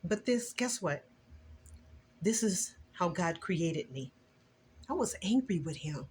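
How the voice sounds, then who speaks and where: A woman's voice: slow, slight background noise. Older woman, christian testimony vlog, earnest, emotional, preachy. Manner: earnest, preachy and emotional, with lively swings in pitch. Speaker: vlogger.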